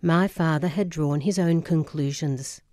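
A woman narrating a memoir audiobook in a measured, solemn way. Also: deep voice, mellow, no echo, clean studio sound.

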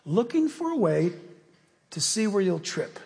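A man preaching a sermon in an animated, conversational way, acting out the story characters. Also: high voice, unhurried, vocal fry. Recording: long hall reverb.

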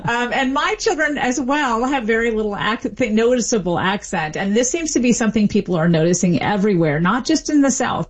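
A woman's voice: on the low side, darkish tone. A middle-aged woman linguistics professor speaking as an expert guest, explaining fluently with light laughs and small restarts. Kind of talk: expert radio interview.

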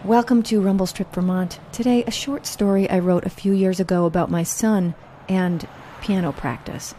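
A woman hosting a show and reading her own personal story aloud with a wry, candid, gently humorous manner. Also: mid-range voice, steady tone, normal speed, a little hiss or hum. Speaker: host and storyteller.

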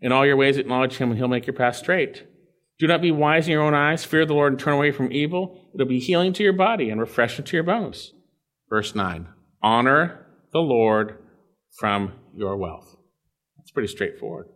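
A man preaching an expository sermon, reading scripture aloud and explaining it, swinging from emphatic high points to quiet low asides. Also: lively intonation, normal speed. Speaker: pastor.

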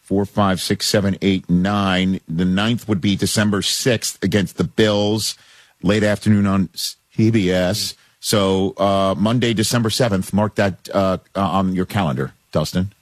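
A man's voice: low-pitched, fairly even intonation, measured pace, no room sound. A man hosting a sports talk radio show, trading brash, teasing banter with callers. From New York area.

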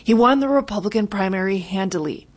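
A woman reporter from a local station reading a scripted news story with clear, brisk delivery. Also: mid-range voice, animated.

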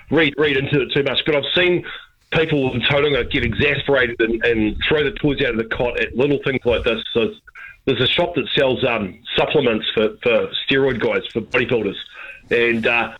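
A man's voice: medium pitch, moderate pace, husky, highs cut off. A middle-aged man with a New Zealand accent calling into a radio show, rambling and chuckling through a story. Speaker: caller. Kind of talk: phone-in call.

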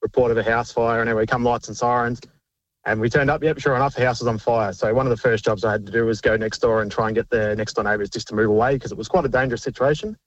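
A man's voice: mid-range voice, fairly even intonation, fast, no echo, lo-fi sound. A man calling in to a radio show, telling a rambling, amused story about his firefighting days. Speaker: caller. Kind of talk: casual phone call to radio show.

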